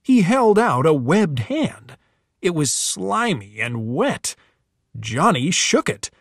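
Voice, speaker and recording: A man reading a children's storybook aloud as a storyteller, in a very expressive, swooping voice. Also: fairly high pitch, slow, dry recording, clean studio sound.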